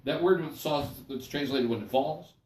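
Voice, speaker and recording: A man's voice: a little high, normal speed, darkish tone. An older man and pastor leading a Bible study sermon in a folksy, conversational way, often checking in with his listeners. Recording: echoey room, mic at a distance.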